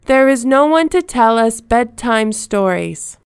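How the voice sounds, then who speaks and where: A woman voicing the boy Peter Pan, eager and bold, in a slow, clear storybook reading. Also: a little high, lively intonation, dry recording, clean studio sound.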